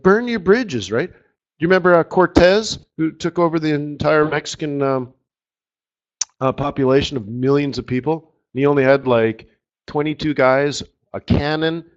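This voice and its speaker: A man's voice: a little high, moderate pace. A man giving a live trading webinar in a casual, rambling, joking way, often checking in with "right?". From Canada. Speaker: forex market strategist presenting a webinar. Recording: slightly muffled webinar audio.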